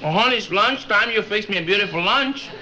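An actor with a Cuban Spanish accent playing a hungry, harried husband in a 1950s TV sitcom, good-natured and chuckling. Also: male voice, sits high, expressive, brisk, bright, forceful tone, lo-fi sound, a little hiss or hum, heavily acted. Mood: teasing.

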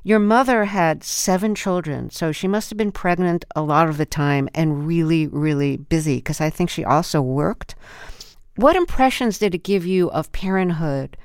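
Smooth, dry-sounding radio interview host. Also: female voice, fairly low pitch, a little mellow, no echo. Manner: measured, formal questions and introductions.

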